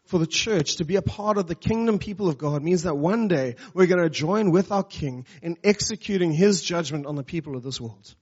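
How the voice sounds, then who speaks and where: A man's voice: a little high, brisk, few pauses, husky, highs cut off. A man preaching a sermon in an emphatic, conversational way, leaning on rhetorical questions and casual asides. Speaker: pastor.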